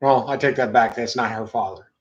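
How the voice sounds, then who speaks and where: A man's voice: medium pitch, fairly even intonation, a little fast, muffled recording. A man co-hosting a wrestling review, stubbornly arguing his points in casual chat. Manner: stubborn, argumentative.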